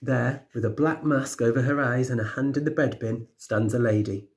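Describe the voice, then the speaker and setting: A man, a teacher, reading a children's picture book aloud with steady, clear storytelling. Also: medium pitch, moderate pace.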